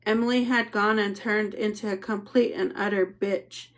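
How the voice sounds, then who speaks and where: A woman narrating an audiobook in a steady, matter-of-fact reading. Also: medium pitch, moderate pace.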